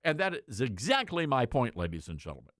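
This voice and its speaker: A man's voice: medium pitch, huge pitch swings, fairly quick, fairly bright tone, dry recording, clean studio sound. A man hosting an opinionated talk radio monologue, joking and folksy as he addresses his listeners. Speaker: talk radio host and station owner.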